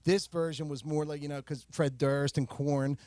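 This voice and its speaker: A man co-hosting a casual podcast, chatty and jokey, sharing trivia in a relaxed way. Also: a little high, normal speed, dry recording. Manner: chatty, jokey, shares trivia, frequent fillers. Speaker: podcast co-host. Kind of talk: casual chat.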